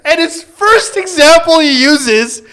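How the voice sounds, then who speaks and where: A man's voice: very high voice, lively intonation, slow pace, sharp tone. A man co-hosting an improvised comedy podcast, arguing his point and swearing as he banters. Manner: argumentative, swearing.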